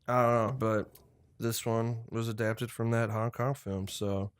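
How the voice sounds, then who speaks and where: Young male podcast host, resonant clear voice, loose rambling delivery with casual cursing. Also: medium pitch, flat delivery, measured pace. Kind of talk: casual movie chat.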